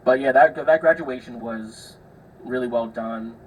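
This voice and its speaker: A man's voice: medium pitch, a little slow, far from the mic, lo-fi sound. Chatty young man, slightly off-mic. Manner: chatty, swears freely, acts out the people in his stories. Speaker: podcast host. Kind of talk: casual solo storytelling.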